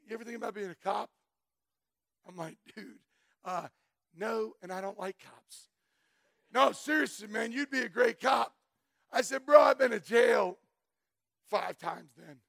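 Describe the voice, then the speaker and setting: A middle-aged man preaches his testimony with a loud, emphatic delivery and frequent shouts. His voice sits high and sounds bright and gravelly. The sound is dry and close. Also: dry recording. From Florida. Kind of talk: sermon testimony.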